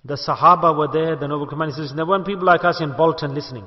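A man's voice: a little high, very fast. A man, a sheikh, preaching a sermon to a gathering in an emphatic way, asking rhetorical questions and calling for responses. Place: mosque gathering hall in Bolton. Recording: echoey hall, dull lo-fi sound.

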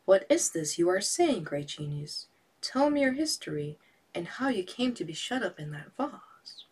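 A woman's voice: fairly low pitch, very animated, normal speed, a little mellow, slightly rough, distant mic, full character voice. A woman doing a poor pleading fisherman. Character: poor, frightened male fisherman.

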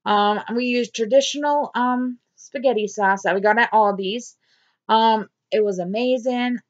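A woman's voice: fairly high pitch, unhurried, muffled recording. A woman vlogger talking straight to camera in a blunt, repetitive diary-style video. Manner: blunt, swearing, repeats herself. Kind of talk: angry diary vlog rant.

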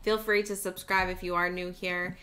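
A woman co-hosts a reaction video in a casual, agreeable way. Her voice has a bright, forceful edge. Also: fairly low pitch, little pitch movement, normal speed. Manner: agreeable, chimes in with short replies. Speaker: reaction channel co-host. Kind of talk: casual chat.

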